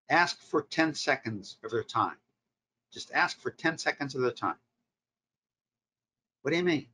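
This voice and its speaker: A man leads a sales workshop, his voice bright and forward. He teaches in short, punchy directives and answers his own rhetorical questions, keeping an instructive classroom tone. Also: fairly high pitch. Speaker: marketing professor leading a workshop. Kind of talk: recorded workshop lecture.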